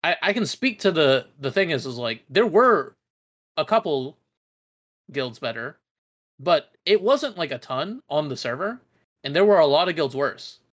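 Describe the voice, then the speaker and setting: A man's voice: a little high, big pitch swings, unhurried, a bit bright. Young man rambling on a podcast. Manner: rambling, hesitant, many fillers. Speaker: podcast guest. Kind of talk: casual chat.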